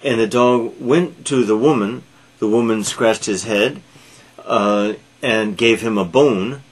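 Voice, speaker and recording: A man telling an animal fable aloud, halting with frequent fillers and restarts. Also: lowish voice, slightly rough. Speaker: storyteller. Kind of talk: read-aloud storytelling.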